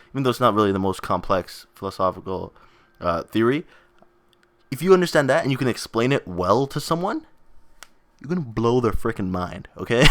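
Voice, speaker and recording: A man's voice: lowish voice, dry recording, studio quality. A young man hosting a gaming video in casual, rambling vlog chat, self-mocking and often laughing.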